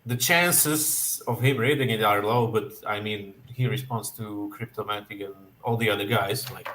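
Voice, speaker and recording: A man's voice: on the low side, normal speed, a bit bright, slight background noise, poor audio. Casual man musing aloud. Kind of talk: casual chat.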